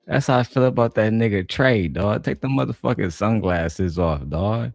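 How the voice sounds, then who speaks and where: Deep-voiced blunt mocking man. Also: normal speed, creaky, hardly any pauses, a little mellow, no room sound, faint music behind. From Detroit, USA. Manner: blunt, mocking, heavily profane. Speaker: online commentator reacting to a panel. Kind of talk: profane reaction commentary.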